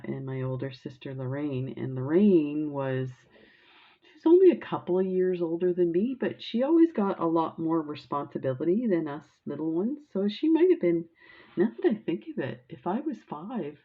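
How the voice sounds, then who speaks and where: A woman's voice: low-pitched, phone-quality sound. A woman chatting casually while showing off craft supplies, rambling into a childhood story and gushing over sparkle. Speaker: crafting vlogger.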